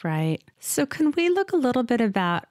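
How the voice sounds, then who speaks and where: A woman's voice: a little high, very animated, moderate pace, darkish tone, dry recording. A woman hosting a podcast conversation, speaking in an earnest, thoughtful way with long flowing explanations. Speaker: podcast host, social worker.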